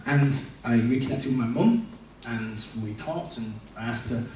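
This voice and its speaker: A man's voice: mid-range voice, normal speed, darkish tone, a little hiss or hum. A man giving a personal testimony in church, talking in an earnest, reflective way. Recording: echoey church room, mic at a distance.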